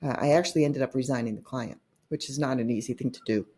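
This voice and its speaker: Middle-aged woman guest, low husky voice, animated storyteller who acts out the lines she quotes. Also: fast talker. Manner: animated retelling with quoted dialogue and laughs. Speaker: podcast guest, consultant and author. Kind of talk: candid storytelling in conversation.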